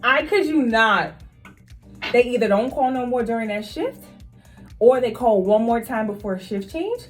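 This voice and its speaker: A woman's voice: fairly high pitch, expressive, measured pace, faint music behind. Emphatic woman nurse vlogging. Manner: emphatic, talks straight to viewers, repeats phrases for stress. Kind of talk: casual storytelling vlog.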